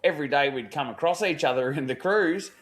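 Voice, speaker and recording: A man's voice: a little high, fairly quick, fairly bright tone. An Australian man spins a long yarn on a podcast, full of slang and swearing. He acts out what each person in the story said. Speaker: podcast co-host. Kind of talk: casual storytelling chat.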